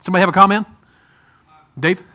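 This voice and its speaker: A man's voice: high-pitched, steady tone, fast, sharp tone. A man with an Ohio accent teaching a Bible class in a conversational way, often asking the group questions.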